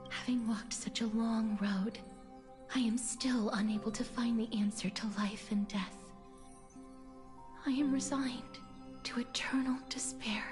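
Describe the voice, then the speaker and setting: Woman doing a cursed girl in whispered role-play, breathy and resigned, kinda high, long echo tail, music under it. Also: steady tone, unhurried, lightly acted. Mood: sorrowful. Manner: soft, mournful, resigned. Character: sorrowful young woman cursed with a deadly touch. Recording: long game reverb with music beneath.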